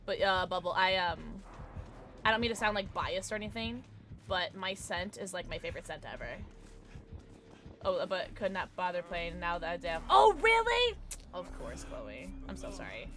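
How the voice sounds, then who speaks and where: A young adult woman streamer giving excitable live gameplay commentary, shrieking and laughing through chases. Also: fairly low pitch, moderate pace, faint music behind.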